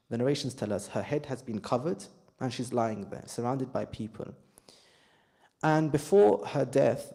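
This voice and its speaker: Gravelly man giving a mournful sermon. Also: medium pitch, mellow. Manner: slow, grieving storytelling with heavy pauses. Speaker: majlis speaker. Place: mosque.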